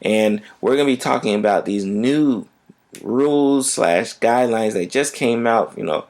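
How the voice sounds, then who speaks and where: A man's voice: medium pitch, measured pace, darkish tone. A man who is a physician, hosting a health podcast in a casual, conversational way and often checking in with "right?".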